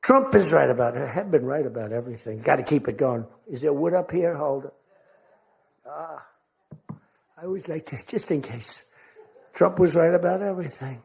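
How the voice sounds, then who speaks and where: A man's voice: a little high, expressive, moderate pace, vocal fry, long pauses, darkish tone, slightly rough. A man giving an unscripted political speech at a podium microphone, rambling and boastful, acting out the conversations he retells. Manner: rambling, digressive, boastful storytelling; acts out quoted conversations with shifting voice. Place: large meeting venue.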